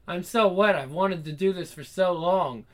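A man's voice: sits high, moderate pace, lightly acted. A man putting on a breathless, reckless young woman.

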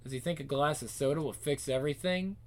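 A man's voice: fairly high pitch, fast, close to an everyday voice. A man voicing a proud, stubborn young woman muttering her thoughts in a sulky way. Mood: defiant.

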